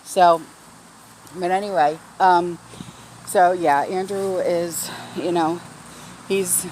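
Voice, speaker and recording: A woman's voice: on the low side, steady tone, slow, a little mellow, a little hiss or hum, poor audio. A middle-aged woman talking casually in a rambling, heartfelt way, with lots of fillers, in a backyard garden video. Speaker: garden vlogger. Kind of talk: casual vlog talk.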